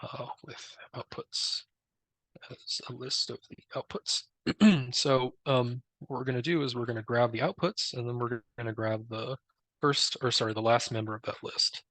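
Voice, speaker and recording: A man presenting a live software demo, explaining step by step in a relaxed way with many fillers. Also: medium pitch, normal speed, dry recording. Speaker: presenter demoing a tool.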